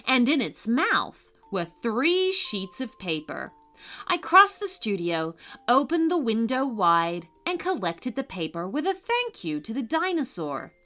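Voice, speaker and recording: Slow, bright woman storyteller. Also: fairly high pitch. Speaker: storyteller and podcast host. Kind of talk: bedtime story narration.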